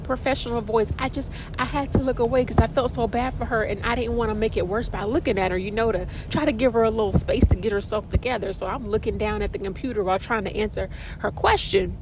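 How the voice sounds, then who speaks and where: A woman hosting a casual podcast, telling a story in an animated, dramatic way. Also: noisy background. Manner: animated and dramatic, with expressive pitch jumps. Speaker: podcast host.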